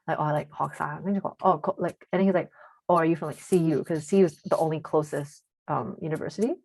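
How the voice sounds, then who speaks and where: A teenage girl with a deep voice, chatting casually as a podcast co-host and telling a story, full of fillers and switching into Cantonese now and then. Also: steady tone, fast, vocal fry, darkish tone, no echo. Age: teens. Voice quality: deep voice for a woman.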